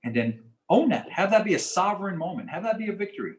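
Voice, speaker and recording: Calm man teaching in an echoey room. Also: high voice, a little hiss or hum. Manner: calm, measured and explanatory, often repeating key phrases. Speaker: presenter on coping with stress. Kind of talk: community teaching talk. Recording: roomy echo.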